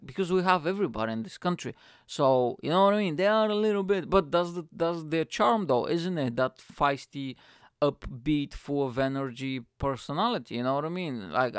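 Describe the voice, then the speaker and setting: A man's voice: medium pitch, clear, resonant tone, dry recording. Young comedian guy on his podcast, impulsive and sweary, dead dry room. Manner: impulsive, profane, rambling, lots of fillers. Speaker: stand-up comedian and podcast host. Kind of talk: casual storytelling chat.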